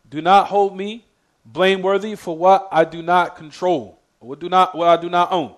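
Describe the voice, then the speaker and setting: A man's voice: high voice, steady tone. A man giving a religious lesson, quizzing his class with "what?" prompts and repeating key points. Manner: reads Arabic quotations quickly. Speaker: Islamic teacher.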